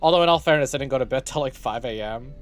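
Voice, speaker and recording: A man's voice: medium pitch, rapid-fire, soft background music. A young man streaming live, greeting his chat over and over and rambling jokily with lots of swearing. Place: home streaming setup.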